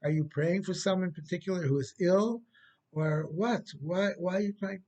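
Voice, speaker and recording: Brief: a man doing a measured, puzzled professor, fairly high voice. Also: a little mellow. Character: skeptical Jewish male professor from England.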